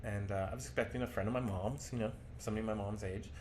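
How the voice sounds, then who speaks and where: A man with a fairly low voice tells his life story in a loose, conversational way, wandering between asides and self-deprecating remarks. A faint ambient hum sits behind him. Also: steady tone, fast, a little mellow. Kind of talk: candid personal storytelling.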